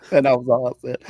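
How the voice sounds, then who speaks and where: A man co-hosting a paranormal talk show, chatting casually and then reading a listener's story aloud, often clearing his throat and restarting his sentences. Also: mid-range voice, mellow, no echo. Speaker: podcast co-host.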